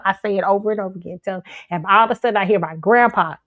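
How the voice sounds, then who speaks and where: A woman's voice: mid-range voice, fast, few pauses, no room sound, highs cut off. A woman hosting her own show, telling a story to viewers in an emphatic, insistent way and often repeating herself. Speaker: show host.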